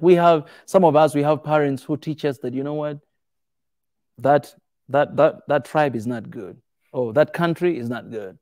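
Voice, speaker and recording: A man's voice: medium pitch, no room sound, studio quality. Man telling stories to a small crowd. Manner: animated, acts out quoted voices. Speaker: speaker answering audience questions. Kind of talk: casual storytelling talk.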